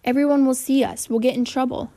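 A woman voicing a mild, gentle schoolboy. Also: high voice, fairly even intonation, fast talker, pitched above the performer's own voice. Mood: patient. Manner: soft-spoken, reasonable. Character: mild, good-natured young schoolboy.

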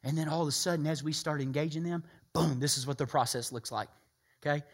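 A man preaching a sermon, emphatic and animated, acting out people's voices. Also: a little high, fast.

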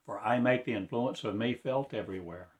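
In a mid-range voice, a man rambles through a prophetic monologue at a slow, chant-like pace, now and then erupting into loud proclamations.

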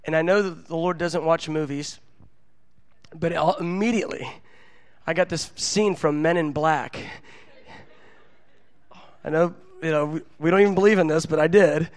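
A middle-aged man preaching a sermon as a story, animated and self-mocking, acting out his own dialogue. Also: on the high side, moderate pace, long pauses, dry recording. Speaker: pastor.

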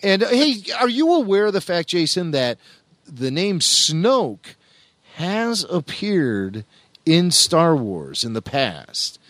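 Jokey male co-host, lively voice, higher side, dry studio mic. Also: slow pace. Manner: playful, jokey, laughs often. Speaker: podcast co-host. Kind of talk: casual chat.

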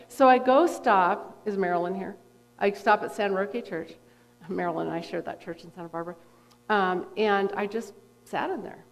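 A middle-aged woman, a therapist and guest speaker, telling a personal story in a conversational, animated way with frequent fillers. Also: medium pitch, normal speed, creaky. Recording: long reverb from a hall.

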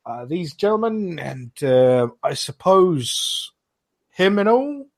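Man doing a halting town guard. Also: sits high, very animated, pitched above the performer's own voice, exaggerated voice. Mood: easygoing. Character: town guard, man, gruff but polite.

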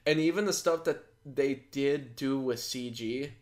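A man's voice: mid-range voice, unhurried, a little mellow. A young man co-hosting a podcast, chatting casually about films, talkative and laughing often. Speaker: podcast co-host. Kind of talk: casual movie chat.

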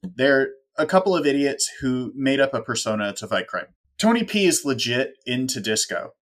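A man's voice: mid-range voice, big pitch swings, moderate pace. A man co-hosting a casual talk show, making wry, sarcastic asides. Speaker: podcast co-host. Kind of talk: casual chat.

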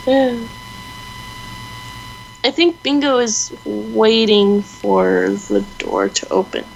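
A woman's voice: fairly high pitch, drawn-out words, vocal fry, pauses often, slight background noise, low-quality recording. A young woman co-hosting a podcast, telling rambling stories with giggles in a casual chat. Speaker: podcast co-host.

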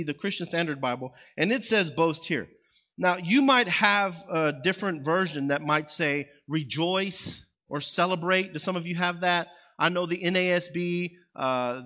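Pastor, male, slightly high voice, informal sermon, keeps asking the congregation "right?" and "okay?". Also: sharp tone. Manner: conversational, frequent "right?" and "okay?" check-ins.

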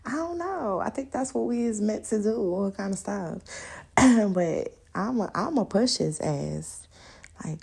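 Woman, casual podcast host, husky voice, laughs a lot, acts out quotes. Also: medium pitch, measured pace. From New York and the countryside. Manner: loud animated storytelling, laughing, acting out quotes. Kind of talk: casual solo podcast chat.

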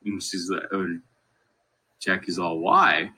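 Here his low-pitched voice moves at a moderate pace, sharp and husky, over a rough recording. The man, from Colorado in the USA, is guesting on a podcast, chuckling through amusing family tales in loose, rambling interview storytelling packed with "you know."

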